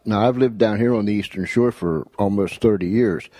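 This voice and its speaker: A middle-aged male radio host with a Pittsburgh accent and a fairly low voice, easygoing and chatty, laughing along with his guest. The sound is close and dry. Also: a little fast, dark tone, no room sound. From Altoona, Pennsylvania, USA. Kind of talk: radio interview chat.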